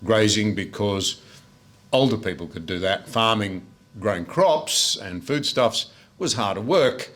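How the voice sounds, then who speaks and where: A man's voice: fairly low pitch, expressive, measured pace, a bit bright. Older Australian man telling yarns. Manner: anecdotal storytelling with frequent "uh" fillers. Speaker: guest speaker. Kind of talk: speech at a book launch. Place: room with a live audience.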